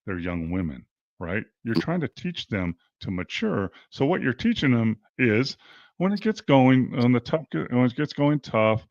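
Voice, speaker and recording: A man's voice: mid-range voice, measured pace, no room sound, dull audio. An older man, a basketball coach and former pro player, talking in a casual interview and acting out quotes as he tells stories. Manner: animated storytelling, acts out quotes.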